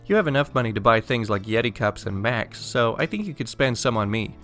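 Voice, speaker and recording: A man's voice: mid-range voice, animated, fairly quick, a bit bright, faint music behind, lightly acted. A man voicing a rude, entitled mother who speaks in a demanding, insulting way. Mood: angry accusing.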